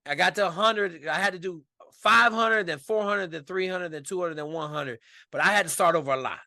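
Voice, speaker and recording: Guy from washington spinning a story on a podcast, cussing, loose and animated, bright punchy voice. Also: high-pitched, brisk, gravelly, no echo, clean studio sound. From Washington state. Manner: animated, profane, blunt. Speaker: podcast guest. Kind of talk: casual storytelling.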